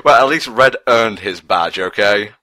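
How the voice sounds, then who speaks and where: A man's voice: on the low side, a little slow, pushed and bright, no echo. A man co-hosting a casual watch-along commentary, trading dry, sarcastic quips. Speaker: commentary co-host.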